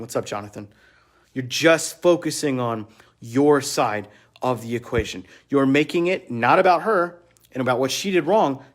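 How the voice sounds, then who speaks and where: A man's voice: medium pitch, a bit bright. A man coaching other men on relationships in a blunt motivational monologue, swearing and repeating phrases for emphasis.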